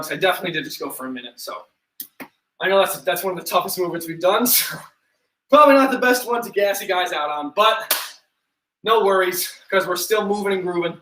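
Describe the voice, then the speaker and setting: Brief: young male fitness coach, high bright voice, talkative and joking, echoey room, mic a few feet away. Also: far from the mic. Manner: chatty, self-deprecating, counts down reps. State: out of breath at times. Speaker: fitness instructor. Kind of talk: live workout class instruction.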